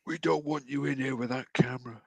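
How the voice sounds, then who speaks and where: A man's voice: medium pitch, steady tone, fairly quick, vocal fry, dry recording. A man in casual livestream chat, rambling and swearing with many restarts, heard over a video call.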